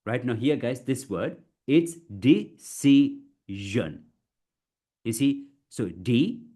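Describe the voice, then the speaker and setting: A man teaching public speaking in an online class, repeating words slowly in chunks and often saying "you see" to his students. English is not his first language. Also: mid-range voice, mellow. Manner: slow, chunked pronunciation drills with many repetitions; addresses listeners as guys, says you see often.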